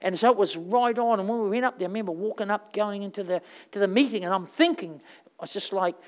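A woman preaching a sermon in a conversational, rambling storytelling way, full of fillers, swinging between loud and soft. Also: mid-range voice, quick pace.

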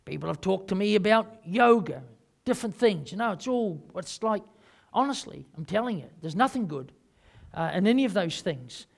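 A man with a New Zealand accent preaching a sermon, rambling and emphatic, swinging between loud and quiet. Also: high-pitched, animated, moderate pace, creaky. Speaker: pastor.

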